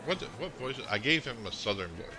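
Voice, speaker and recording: A man's voice: medium pitch, big pitch swings, fairly quick, a crowd in the background. Man reading game dialogue aloud. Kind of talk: game playthrough. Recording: game ambience noise behind.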